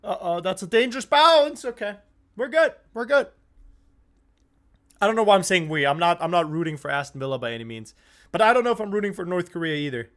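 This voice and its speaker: Getting excitable over the match, this young streamer runs a casual football watch-along, cursing freely and shouting and laughing whenever a goal goes in. His voice sits high, and his delivery is brisk.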